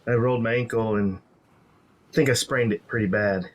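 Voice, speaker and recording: A man's voice: medium pitch, fairly even intonation, moderate pace, natural voice. A man voicing a lazy male sailor who whines and overplays pain to fake an injury. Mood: whiny. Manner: whiny, overplayed groaning.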